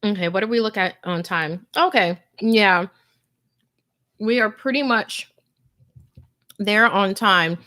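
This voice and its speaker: Woman livestream host, mid-pitched; hushed, whispery horror reading that loosens into laughing, casual chat. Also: slow pace, pauses often. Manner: hushed, tense narration dropping into whispers, chatty and laughing between readings. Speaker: livestream host and story narrator.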